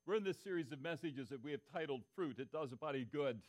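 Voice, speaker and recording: A pastor preaches a sermon in a fast, expressive, rather high male voice. He keeps it interactive, asking the congregation to call out answers and repeating key phrases for emphasis.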